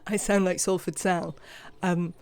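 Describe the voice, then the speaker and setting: English streamer, chatty, live game play, greets chat, mid pitch. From England. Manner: chatty, greets viewers and scolds game characters. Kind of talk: live video game commentary.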